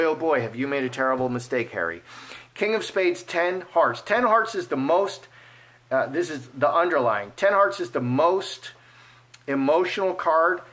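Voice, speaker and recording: A man giving casual fortune-telling commentary as he reads cards, animated and playful, acting out imagined speech. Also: on the high side, measured pace. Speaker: card reader.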